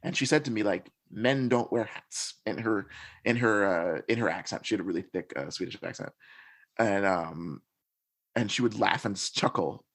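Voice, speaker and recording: A man with a fairly low voice speaks as a podcast guest. He tells his own experiences in an earnest, reflective way, thinking aloud as he goes. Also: moderate pace, fairly bright tone. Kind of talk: conversational storytelling.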